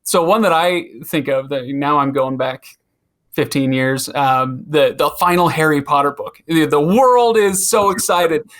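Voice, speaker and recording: A man hosting a podcast, asking questions and telling a story in a relaxed, conversational way. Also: a little high, unhurried. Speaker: podcast host.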